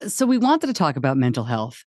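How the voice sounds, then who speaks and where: A woman's voice: a bass voice, sing-song, fairly quick, a little mellow, no echo, clean studio sound. A woman hosting a podcast, asking questions in a chatty, conversational way. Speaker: podcast host. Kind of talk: podcast interview.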